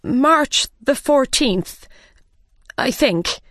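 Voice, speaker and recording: A jittery, flustered storybook hatter squeaks out his defenses in a high, anxious voice, as a woman acts him out. He sounds pitched well above her plain reading voice. The sound is close and dry. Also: expressive, extremely slow, a bit bright, no echo, heavily acted. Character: nervous, flustered male Mad Hatter.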